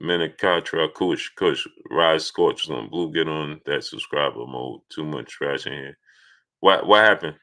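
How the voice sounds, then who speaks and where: A man with a low voice hosts a casual live stream, greeting viewers by name in a steady stream. His tone is bright and forceful. When he makes a point, he turns loud and insistent. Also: unhurried. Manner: reads out viewer names and greets each one.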